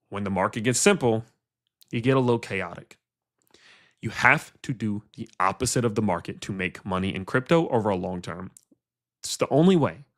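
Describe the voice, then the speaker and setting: A man with a mid-range voice hosts a casual livestream about crypto investing, ranting bluntly and swearing. He throws rhetorical questions at his viewers.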